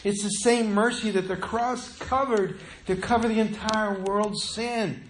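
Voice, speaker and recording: High-voiced preaching man in an echoey room. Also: unhurried. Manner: animated preaching, swinging from loud to hushed. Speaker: pastor. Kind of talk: sermon. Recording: echoey room, faint noise.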